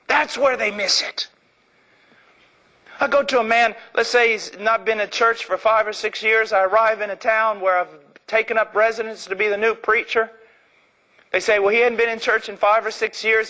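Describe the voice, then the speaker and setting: Man preaching a sermon, high voice, bright edge, fervent, shouts then drops low. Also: low-quality recording. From Illinois, United States.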